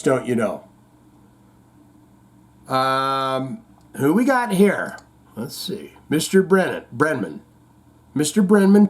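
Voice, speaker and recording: A man hosting a show in casual chat, rambling, reading out viewer comments and telling corny jokes. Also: a little high. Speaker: host.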